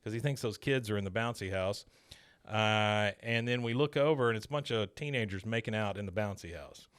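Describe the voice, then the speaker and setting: A man hosting a podcast, casually recapping an episode as an animated, rambling storyteller full of filler words. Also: on the low side, brisk, smooth, no echo, clean studio sound. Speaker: podcast host.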